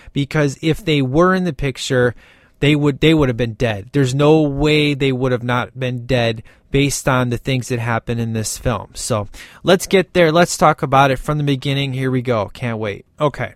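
Man, casual movie review, enthusiastic, somewhat high pitch, dry recording. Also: dry recording. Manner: enthusiastic, rambling with restarts.

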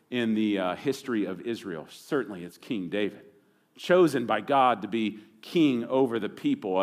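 Male preacher, emphatic, big swings in volume, expository sermon delivery. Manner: emphatic, rising to loud punchlines and dropping low at phrase ends.

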